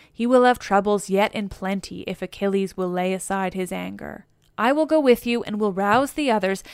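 A woman's voice: mid-range voice, clean tone, no echo, studio quality, lightly acted. A woman reading the lines of an old male warrior counselor in an earnest, urging, formal manner, in her own voice.

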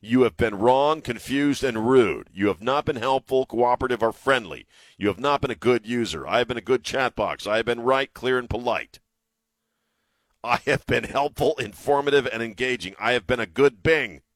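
A man voicing a stubborn, insistent chatbot, reading its lines quickly on talk radio. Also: medium pitch, dry recording, natural voice.

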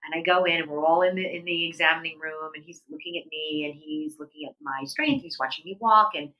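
A middle-aged woman telling her story as an interview guest, animated and leaping up in pitch when she quotes people. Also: brisk, highs cut off.

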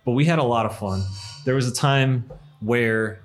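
A man in his thirties chatting casually, telling old stories with lively acted-out quotes and frequent laughter. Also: mid-range voice, moderate pace, faint music behind. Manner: animated storyteller, acts out quoted lines, laughs often. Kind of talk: casual chat.

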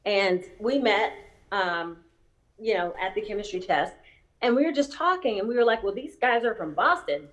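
A woman talking in a relaxed, conversational way, spinning an anecdote. Her pitch sits in the middle range. She slips into other people's voices as she quotes them. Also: moderate pace. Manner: animated, acts out quoted voices. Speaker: actress. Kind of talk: casual storytelling chat.

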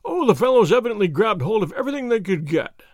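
A man voicing a bluff, hearty old army colonel who talks briskly and emphatically. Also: high-pitched, sing-song, dry recording, clean studio sound, voice pushed up.

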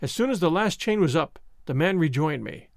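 A man narrating an audiobook at a measured pace in scripted storytelling. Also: fairly high pitch, lively intonation, no room sound, clean studio sound. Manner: measured storytelling, voicing the characters.

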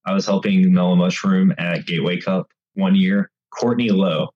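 Husky low-voiced man telling race stories. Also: moderate pace, highs cut off. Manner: animated, acts out race chatter. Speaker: bike racing guest commentator. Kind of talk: casual storytelling.

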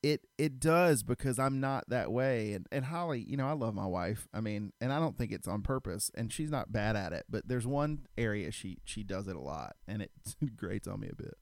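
Blunt, animated man, dry sound. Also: lowish voice, moderate pace, few pauses, no echo. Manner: animated, blunt, laughs often. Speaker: podcast guest. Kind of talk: casual chat.

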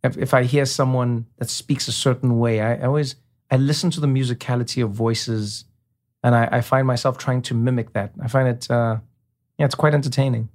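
A man, a comedian talking as a guest in a casual interview, animated and quick to slip into imitations. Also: mid-range voice. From South Africa. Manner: animated storyteller, slips into imitations.

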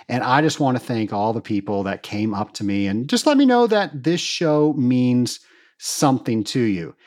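A man's voice: medium pitch, darkish tone. A man hosting his own podcast, talking enthusiastically and gratefully to his listeners in a solo monologue. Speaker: podcast host.

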